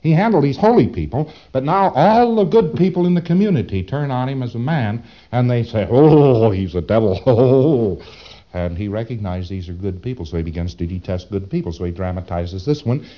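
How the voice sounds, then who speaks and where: A man's voice: mid-range voice, lively intonation, a little fast, dull audio. A man giving a lecture, speaking dramatically with rhetorical questions and acting out his examples. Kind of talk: recorded lecture.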